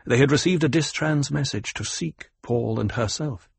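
A man narrating a novel in a steady, even storytelling manner. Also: medium pitch, normal speed, gravelly, breathy edge, no echo. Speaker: audiobook narrator. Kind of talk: scripted narration.

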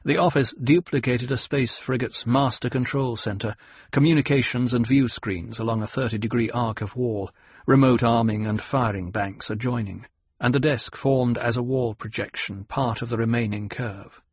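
Husky-voiced male audiobook narrator. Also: medium pitch, normal speed, no room sound. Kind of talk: scripted narration.

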